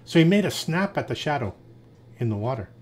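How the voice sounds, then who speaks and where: A man reading fables aloud in a lively storytelling manner. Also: medium pitch, fairly quick, slight background noise.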